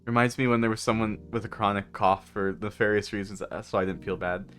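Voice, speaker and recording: A man's voice: on the low side, steady tone, fairly quick, fairly bright tone, clean tone, soft background music. A man streaming from a parked car, chatting casually with viewers, giggling often and rambling. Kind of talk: casual live-stream chat.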